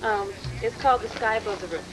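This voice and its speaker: A woman bard who admits she is nervous, giving a halting introduction before singing a gentle song unaccompanied. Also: medium pitch, noisy background. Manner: nervous, hesitant spoken intro. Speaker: bard performer.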